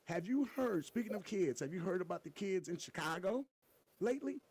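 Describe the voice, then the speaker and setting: A man co-hosting a podcast in casual comedic chat, an animated storyteller with loud bursts. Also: high voice, a little fast, husky. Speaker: podcast co-host.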